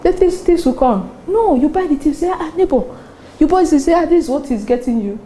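A Nigerian woman pastor preaching a sermon, animated and often laughing between her points. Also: high-pitched, fairly quick, slight background noise. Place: church service with congregation responding.

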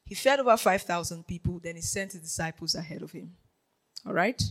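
An animated preacher delivers a sermon in a bright, sharp voice. The delivery swings from near-whispers up to shouts, with frequent laughter and repeated check-ins with the listeners. The pitch sits at a middle height. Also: fairly quick, poor audio. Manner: keeps checking in with the audience.

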